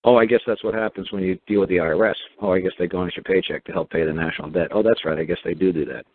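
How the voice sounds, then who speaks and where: A man's voice: deep voice, steady tone, rapid-fire. A man hosting a talk show in a rambling, sarcastic monologue, circling back with repeats and fillers. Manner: sarcastic, mocking; meandering, with frequent repeats and fillers. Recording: narrow phone-like sound, dry.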